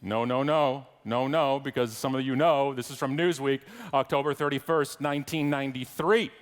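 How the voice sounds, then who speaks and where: On a large conference hall stage, a middle-aged Canadian-accented man delivers a humorous keynote, wryly teasing his audience. His medium-pitched voice holds a steady tone at a moderate pace, with the long reverb of a big hall around it.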